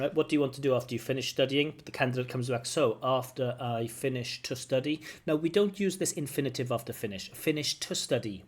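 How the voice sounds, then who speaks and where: A man's voice: medium pitch, breathy edge. A man giving frank, corrective feedback as a language examiner. He picks apart a recorded answer line by line. He hums the rhythm of sentences to show intonation. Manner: frank, corrective, demonstrates intonation with hummed syllables.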